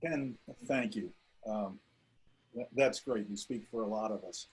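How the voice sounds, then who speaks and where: Husky-voiced man hosting a tribute. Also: on the low side, unhurried, low-quality recording. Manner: loose, joking, self-correcting. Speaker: host. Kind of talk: casual introduction.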